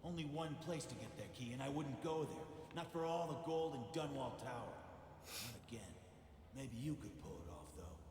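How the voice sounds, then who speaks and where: An actor playing a weary, shaken male gang thug in a video game, speaking gruffly. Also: mid-range voice, noisy background, lightly acted. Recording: roomy hall reverb, loud game ambience.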